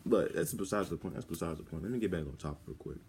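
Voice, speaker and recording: A teenage boy with a low, dark voice talks through a personal vlog, halting and rambling, full of restarts. He sounds close to tears. Faint background noise sits under his voice. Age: teens. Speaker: vlogger.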